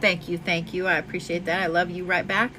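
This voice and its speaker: This astrology reader is a woman doing a live session, friendly and loving but cursing freely. Her pitch sits on the low side, her tone stays level, and her pace runs slightly fast. There's background noise and distinct music underneath.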